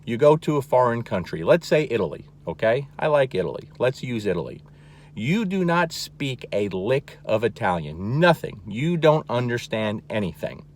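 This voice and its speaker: A man who trains dogs teaches directly to the camera, speaking plainly and with emphasis, frequently asking "okay?" and going back over key words. His pitch is medium but swings widely, at a moderate pace.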